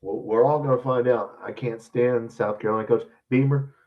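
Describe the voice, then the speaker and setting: With a medium-pitched, steady voice at a moderate pace, this Louisiana-based man hosts a show full of blunt, profane sports opinions. His rambling, casual rant comes through a distant mic with phone-quality sound.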